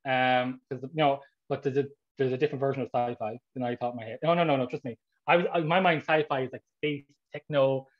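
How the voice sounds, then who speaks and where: A man with an Irish accent, an author answering audience questions in a lively, casual way and acting out his own reactions. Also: medium pitch, lo-fi sound. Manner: animated storyteller, quick, acts out his own reactions.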